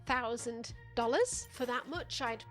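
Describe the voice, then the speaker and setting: A woman's voice: a little high, a little slow, fairly bright tone, soft background music. A woman giving sarcastic, profane commentary as the host of a video essay. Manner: sardonic, profane, mocking.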